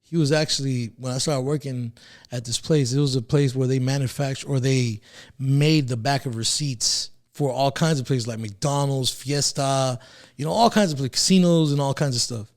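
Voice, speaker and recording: A man's voice: medium pitch, normal speed. A man talking as a podcast guest, casually telling his life story with plenty of swearing, chuckles and restarts. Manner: profane, laid-back, with chuckles and restarts.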